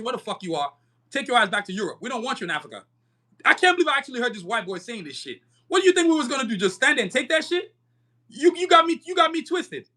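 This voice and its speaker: A man's voice: high-pitched, bright, forceful tone. A young man hosting a podcast, delivering a fiery, profane, emphatic monologue and often stumbling over repeated words. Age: young adult. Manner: emphatic, repetitive stumbling restarts. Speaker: podcast host. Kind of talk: live-stream podcast monologue.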